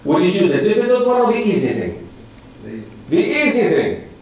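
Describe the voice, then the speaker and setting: A man's voice: sits high, sing-song, moderate pace, a little mellow, a little hiss or hum. A man giving a public lecture, emphatic and full of rhetorical questions. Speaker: guest lecturer. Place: lecture hall. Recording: echoey hall from far off.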